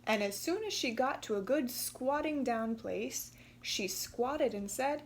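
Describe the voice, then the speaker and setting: Woman reader, children's picture book, slow and expressive, lively swoops. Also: a little high. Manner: expressive, gently emphatic. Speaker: storybook reader. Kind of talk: children's storybook read-aloud.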